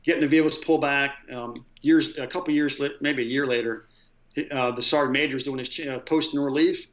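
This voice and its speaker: A man's voice: medium pitch, steady tone, fairly quick, roomy sound, dull audio. A middle-aged man, a retired Marine, telling war stories in a rambling way with lots of fillers and quoted dialogue. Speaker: guest, retired Marine gunner. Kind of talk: conversational storytelling.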